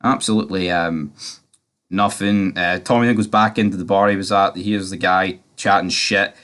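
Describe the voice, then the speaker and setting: A man's voice: low voice, steady tone, moderate pace, a bit bright. A man giving a casual, rambling recap of a TV episode, full of fillers and swearing. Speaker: TV series reviewer.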